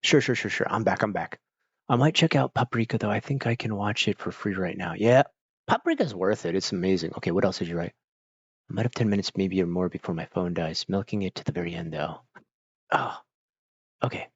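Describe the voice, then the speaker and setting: A man's voice: low voice, fairly quick, slightly rough, dry recording, highs cut off. A man chatting casually with his stream viewers, rambling with lots of fillers while fighting off hiccups. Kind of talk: casual chat.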